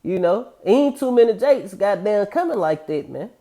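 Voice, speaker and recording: A man teaching from scripture in a casual, street-level way. He drags out the verses slowly, then slips into quick, profane asides full of slang. He keeps tagging his lines with a loose "man.". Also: high-pitched, sing-song, mellow. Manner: addresses listeners with a repeated "man". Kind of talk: casual scripture reading and commentary.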